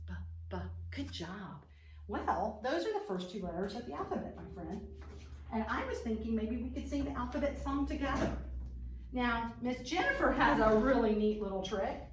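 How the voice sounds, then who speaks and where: A woman teaching preschoolers over video, using a lively, sing-song voice for small children. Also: mid-range voice, slight background noise. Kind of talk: online preschool lesson. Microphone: camera mic. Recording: roomy sound, a bit far from the mic.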